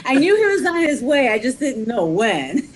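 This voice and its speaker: A woman's voice: sits high, big pitch swings, moderate pace, very noisy. A woman chatting playfully with coworkers on a video call, laughing often. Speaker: team member on a panel. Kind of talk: casual chat.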